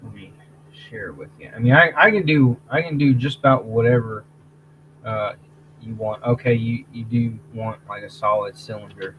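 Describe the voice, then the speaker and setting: A man hosting a casual livestream, talking in a rambling, halting way, restarting phrases and clearing his throat. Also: medium pitch, narrow, tinny audio, slight background noise. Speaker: livestream host.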